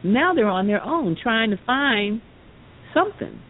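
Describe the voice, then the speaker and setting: A woman host tells a long story in a casual way. She acts out the voices of the people in it and fills the gaps with "you know" and "um". Her voice comes through a thin, phone-like line with a faint low rumble behind it. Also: a little slow. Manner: animated storyteller, acts out quoted voices, many fillers. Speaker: podcast host.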